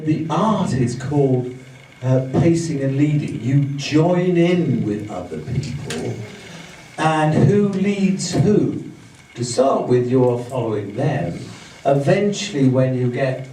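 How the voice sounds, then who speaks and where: A man leading a live training seminar on communication, explaining to an audience and acting out fast and slow speech and gestures as he goes. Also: medium pitch, mellow. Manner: demonstrative, acts out speeds and gestures as he explains. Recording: roomy, distant, faint background hum.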